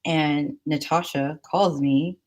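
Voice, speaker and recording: A woman's voice: low voice, fairly even intonation, slow pace, a little mellow. A woman telling stories in casual chat, rambling and chatty with many fillers.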